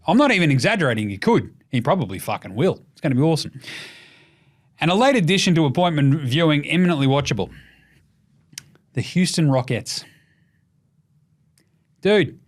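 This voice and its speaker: An Australian man in his twenties or thirties talks through sports picks in a loose, swearing, joking style. His voice sits fairly high for a man and jumps around with quick asides and mock voices. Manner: fast, sweary, jokey, animated. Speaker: podcast host. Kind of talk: casual sports commentary.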